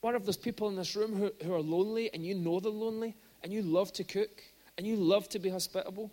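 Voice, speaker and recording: High-voiced man preaching a sermon. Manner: conversational storytelling, with bursts of rising emphasis. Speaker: guest preacher. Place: church service.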